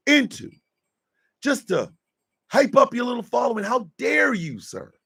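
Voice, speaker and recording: A man hosts a casual live stream with a gravelly, husky voice. He sits high for a man and swoops all over his range as he scolds in theatrical mock outrage. He keeps landing on a drawn-out "sir.". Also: sing-song, sharp tone.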